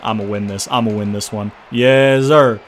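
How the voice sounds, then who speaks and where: A man's voice: fairly low pitch, fairly even intonation, normal speed. A man giving profane, rambling gameplay commentary at home late at night, frustrated and swearing at the game. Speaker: gaming YouTuber. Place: home at night, keeping quiet for neighbors.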